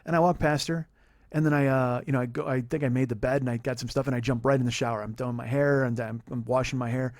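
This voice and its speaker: A man's voice: mid-range voice, steady tone, fast talker, darkish tone, dry recording, studio quality. A man in his forties hosting a podcast, telling a personal story in a heated, profane, rambling monologue. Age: 40s. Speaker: podcast host.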